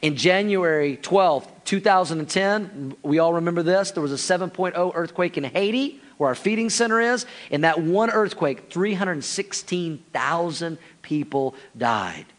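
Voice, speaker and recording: A man's voice: fairly high pitch, lively intonation, normal speed, hardly any pauses. A pastor preaching a sermon, talking straight to his congregation and acting out their reactions. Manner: addresses the congregation directly, acts out listeners' reactions.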